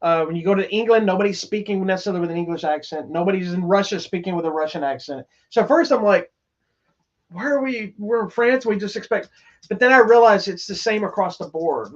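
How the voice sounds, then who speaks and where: A man's voice: sits high, quick pace, few pauses. A man co-hosting a podcast, chatting casually and enthusiastically, rambling with restarts. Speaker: podcast co-host reviewing movies. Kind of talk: casual chat. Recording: slightly dull lo-fi sound.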